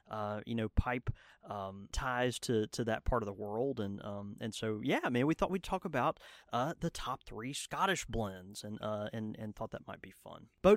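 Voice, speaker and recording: An eager man talks casually as a podcast co-host. He sounds fired up and loose, circling back with restarts and fillers. His voice sits at a middling pitch and sounds dry and close, with no room sound around it. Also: no room sound. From Southern United States. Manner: enthusiastic, many fillers and restarts. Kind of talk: casual chat.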